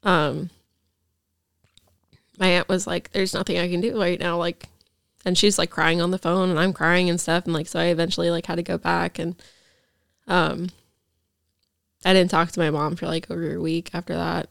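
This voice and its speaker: A woman's voice: on the low side, flat delivery, normal speed, creaky, long pauses, no room sound, studio quality. A young woman, a podcast guest, rambling through a personal story with lots of fillers.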